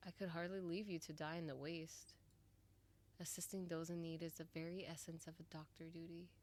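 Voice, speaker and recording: A woman voicing a polite, formal male doctor who speaks in a calm, measured, guarded way. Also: on the low side, a little hiss or hum, lightly acted.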